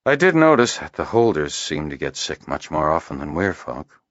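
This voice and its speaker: A man's voice: extremely low pitch, big pitch swings, normal speed, fairly bright tone, no room sound, muffled recording, heavily acted. A male audiobook reader voicing a weary, dry-humored healer who speaks tersely and matter-of-factly. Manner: tired, terse, matter-of-fact. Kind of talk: audiobook character voice.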